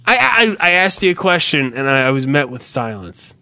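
A man co-hosting a podcast in casual, profane banter, rambling and animated as he tells stories. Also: medium pitch, moderate pace, dry recording. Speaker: podcast co-host.

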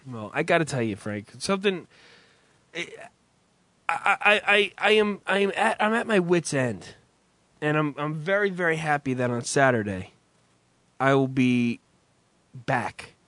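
A man's voice: on the high side, expressive, unhurried, long pauses, fairly bright tone, no echo. A man telling a rambling, profane story in casual chat with a co-host, full of restarts. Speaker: podcast co-host.

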